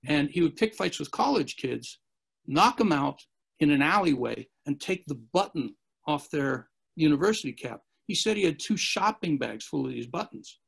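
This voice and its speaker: A man's voice: on the high side, expressive, normal speed, vocal fry, fairly bright tone, husky. A man as an interview guest, telling long rambling anecdotes and acting out the quotes. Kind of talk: storytelling in a podcast interview.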